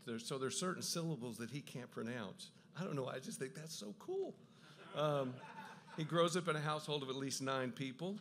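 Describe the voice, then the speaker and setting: A man giving an enthusiastic Bible talk, with quick asides and frequent restarts as he explains. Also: mid-range voice, expressive, fairly bright tone, slight background noise. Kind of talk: lively lecture on the Gospels.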